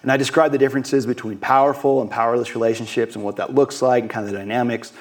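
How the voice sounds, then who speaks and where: A man's voice: medium pitch, steady tone, fast talker. A man giving a sermon as a guest preacher, earnest, often repeating and restarting words, now and then acting out short quoted voices. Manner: acts out quoted voices briefly.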